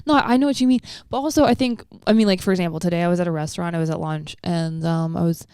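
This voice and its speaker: A woman's voice: fairly low pitch, fast, smooth, no room sound, clean studio sound. Brash, foul-mouthed woman podcast host. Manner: animated storytelling, heavy swearing and slang. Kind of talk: casual chat.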